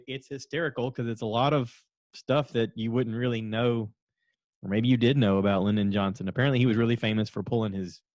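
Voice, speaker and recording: A man hosting his own podcast chats casually on his own, rambling from one story to the next in an animated way. Now and then he jumps into a high voice to quote people, and the recording has no echo.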